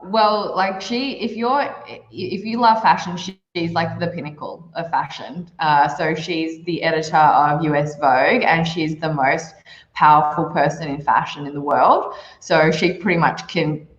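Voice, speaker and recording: A woman, a podcast guest, telling stories in a casual, animated way and acting out the people she quotes. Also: low voice, measured pace. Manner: animated, quoting people in shifting voices. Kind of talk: casual storytelling. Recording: lo-fi roomy remote audio.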